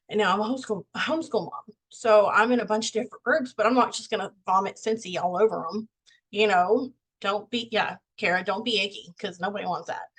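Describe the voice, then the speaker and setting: A woman's voice: mid-range voice, a bit bright, husky, rough recording. Candid folksy woman on a video call. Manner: candid, folksy, self-deprecating. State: out of breath. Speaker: team member sharing sales tips. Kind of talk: casual motivational team talk.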